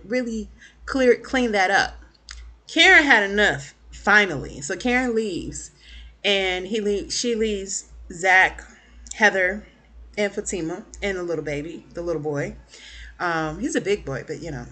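A woman casually recapping a TV episode for her viewers, chatty and animated, acting out the characters' lines. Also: mid-range voice, moderate pace. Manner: chatty, lots of fillers and asides to viewers. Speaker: TV recap vlogger.

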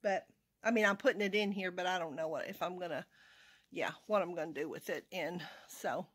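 A woman's voice: lowish voice, a little fast, husky. A woman from Arkansas, chatting casually and rambling in her vlog. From Arkansas, USA. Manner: rambling, chatty, talks to her cat in a soft baby voice. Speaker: vlogger.

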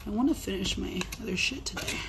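Speaking fast in a creaky, medium-pitched voice over background noise, a young artist chats casually on her live stream as she works. She's rambling and playful, frequently talking to herself.

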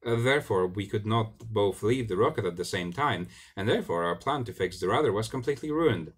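A man reads a science fiction story aloud with a low voice. His delivery is animated, rising and falling widely in pitch. He now and then stumbles and corrects himself. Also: a little fast. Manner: animated, expressive reading with small slips. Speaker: reader.

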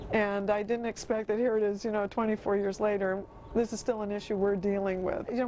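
A woman speaking in a measured, heartfelt way in an interview. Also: medium pitch, darkish tone, slight background noise, low-quality recording.

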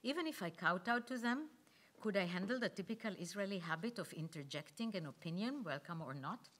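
A woman and conference speaker reading her own memoir aloud, measured and reflective, with pauses. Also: mid-range voice, expressive, a bit bright.

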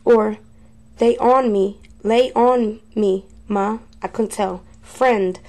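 A woman hosting a paranormal video, talking casually to viewers and slowly reading out short recorded phrases one at a time. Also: mid-range voice, steady tone, a little mellow. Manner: slow, halting, reads phrases one by one.

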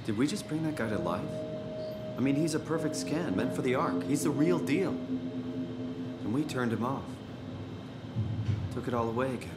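A man's voice: mid-range voice, animated, moderate pace, long pauses, close to an everyday voice. An actor voicing a subdued, regretful male researcher in a video game. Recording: echoey game audio over loud music.

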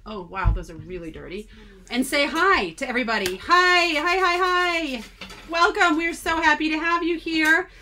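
A woman's voice: sits high, lively intonation, a little fast, sharp tone. A woman co-hosting a casual live stream from a boat, chatty and bubbly as she greets viewers.

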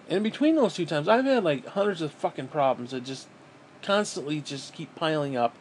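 A man's voice: fairly high pitch, a little mellow, a little hiss or hum. A man venting in a bitter, profane, rambling monologue to camera as a vlogger, often restarting his sentences.

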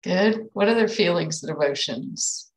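A woman facilitating a healing session, giving gentle, guiding prompts to breathe and repeat. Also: on the low side, unhurried, poor audio.

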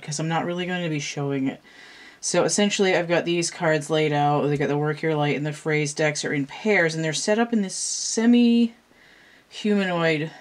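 A woman hosting her own channel, explaining a card layout in casual, rambling talk with many fillers and restarts. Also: low-pitched. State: slightly out of breath. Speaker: channel host and tarot reader. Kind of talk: casual show-and-tell talk to camera.

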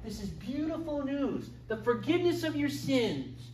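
A man's voice: very high voice, big pitch swings, normal speed, a little mellow, a little hiss or hum. A middle-aged man teaching a church confirmation class in a chatty way, joking with his students. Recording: echoey room, far from the mic.

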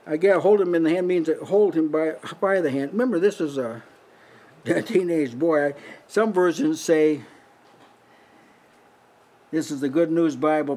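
In a small house church, an older man preaches from the Bible in a conversational way, breaking into a lifted voice for quoted lines and laughing briefly and often. His voice runs on the high side with a dark tone, and he speaks unhurriedly with long pauses.

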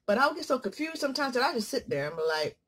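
A woman vlogger talking casually while she eats, joking and swinging from loud exclamations to low murmurs. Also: sing-song, very fast, husky. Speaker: mukbang vlogger. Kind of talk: casual chat while eating.

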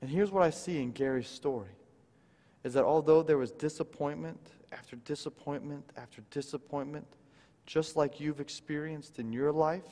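Guest preacher, man, fairly high voice, sermon storytelling with dynamic swings; church hall reverb. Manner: dynamic, swings from loud emphasis to hushed quoted lines. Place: church sanctuary.

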